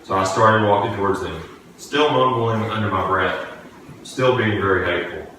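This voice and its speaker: A preacher gives a sermon in a church sanctuary, working in a story from his childhood with earnest, halting restarts. His voice is low but carries a bright, forceful edge, and he sounds distant from the mic in a very echoey room with slight background noise.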